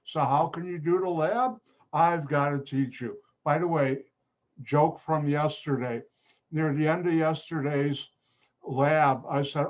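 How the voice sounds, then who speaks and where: A chemistry instructor from Chicago, USA, with a Chicago accent teaches a live online class, his voice on the high side and his pace measured. He's upbeat, jokes with students, and mocks himself. The video-call audio is muffled.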